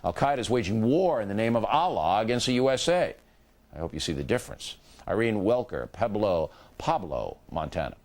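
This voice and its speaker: A man's voice: on the low side, sing-song, a little fast, a little mellow. A man hosting a cable news show, reading viewer letters aloud and answering each with a short, dry retort. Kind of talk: reading viewer mail on air.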